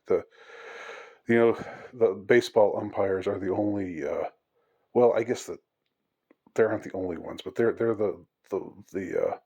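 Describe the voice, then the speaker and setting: A man's voice: sits low, darkish tone, breathy edge. A man giving a rambling, mock-outraged monologue with many fillers and restarts. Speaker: commentator on English usage. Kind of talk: casual monologue.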